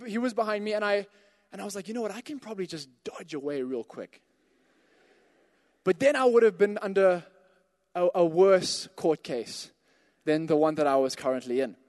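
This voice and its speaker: A man with a fairly high voice delivers a sermon in a church. He tells a personal anecdote in a chatty way, then pushes into forceful calls to his listeners. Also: big-room sound. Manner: storytelling, builds to emphatic exhortations. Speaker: pastor.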